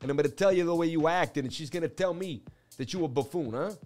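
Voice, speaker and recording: A man voicing a gruff street-tough man who scolds a cheeky kid and keeps nagging with "huh?". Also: on the high side, fast talker, a little mellow, faint music behind, close to an everyday voice. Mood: scolding.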